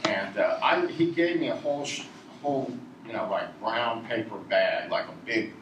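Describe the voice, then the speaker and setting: With a fairly low pitch, a slightly bright tone and the highs cut off, this Virginia man spins a rambling, digressive story for a live crowd at a moderate pace. He chuckles at his own tale in a noisy, echoey room picked up by a distant mic.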